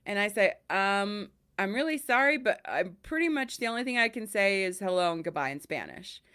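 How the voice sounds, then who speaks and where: A young woman hosts a casual podcast chat. She tells stories in a lively way and slips into the voices of the people she quotes, with a middle-pitched, everyday tone. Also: moderate pace, smooth. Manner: animated, acts out quoted voices. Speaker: podcast host.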